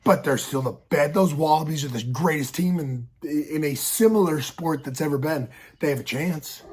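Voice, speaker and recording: A man's voice: fairly high pitch, normal speed, darkish tone, breathy edge. A man giving rambling, worked-up reaction commentary on a fight, talking casually to his viewers with frequent restarts. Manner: rambling, repeats words, gets worked up.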